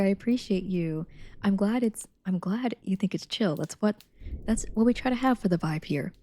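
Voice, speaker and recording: A woman livestreaming, chatting casually with her viewers and reading a novel aloud, soft-spoken and slipping into whispers now and then. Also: medium pitch, steady tone, fairly quick. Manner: chatty with viewers, reads steadily.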